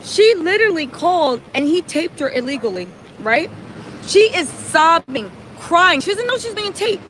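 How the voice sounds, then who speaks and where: A woman hosting a casual livestream from a city street, talking fast and emphatic, tagging "right?" onto her points. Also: very high voice, sing-song, a bit bright, a little hiss or hum, poor audio. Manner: chatty, emphatic, many "right?" tags. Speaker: livestream host.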